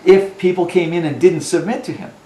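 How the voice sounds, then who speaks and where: A man's voice: high voice, brisk, warm tone. A male dog trainer speaking emphatically to a dog owner in a home, often checking in with "Okay?". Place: indoors in a home. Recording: echoey room with faint ambience.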